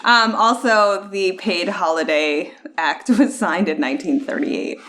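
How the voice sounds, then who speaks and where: A woman's voice: fairly low pitch, unhurried, a bit bright. A woman co-hosting a podcast in casual chat, opinionated and full of "like" fillers. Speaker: podcast co-host.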